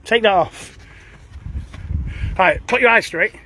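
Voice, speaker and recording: A man with a strikingly high voice hurls curses and taunts. His delivery is aggressive and relentless, recorded out in a street. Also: takes it slowly, bright, forceful tone. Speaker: confronting a suspect on camera.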